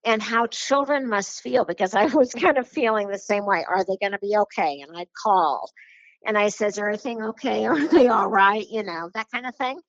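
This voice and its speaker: A woman author chats in a loose, rambling way, full of fillers and small laughs. Her voice sits at a middle pitch. The recording is dull and dry, with little room sound. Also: lively intonation, moderate pace, no room sound. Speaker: children's book author. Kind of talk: casual interview talk.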